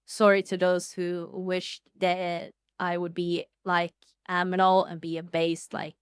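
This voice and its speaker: A woman streaming casually, excitable and foul-mouthed, swinging between loud outbursts and low mumbling. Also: unhurried, smooth, no room sound, clean studio sound. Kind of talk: casual livestream chat.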